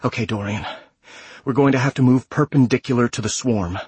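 A man's voice: medium pitch, fairly quick, breathy edge, dry recording. A man doing a whispering tough woman soldier. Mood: tense whisper. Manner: hushed, whispering.

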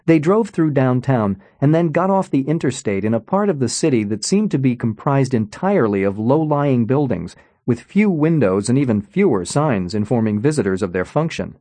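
A man narrating an audiobook in an expressive storytelling manner, on a close studio mic. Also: mid-range voice, dry recording. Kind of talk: scripted narration.

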